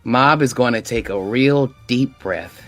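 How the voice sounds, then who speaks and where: A man's voice: medium pitch, a little slow, soft background music. A man playing in a tabletop game, describing his character's actions. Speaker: player. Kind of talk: casual tabletop play.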